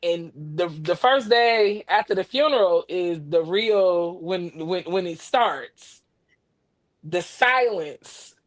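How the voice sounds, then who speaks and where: Halting, heartfelt woman guest. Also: on the low side, expressive. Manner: halting, repeats words, heartfelt. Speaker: podcast guest. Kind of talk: casual conversation about grief.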